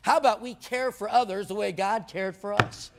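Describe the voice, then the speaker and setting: A man's voice: high voice, moderate pace. A man preaching a sermon, telling stories with humor and stumbling over repeated words as he builds his points. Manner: animated storytelling, jokes with the crowd, repeated words.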